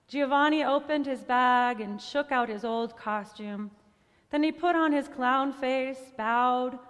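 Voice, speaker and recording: A woman telling a storybook tale in an expressive, soft-edged manner, closing with a prayer. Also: sits high, in a large hall. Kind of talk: storybook reading ending in prayer.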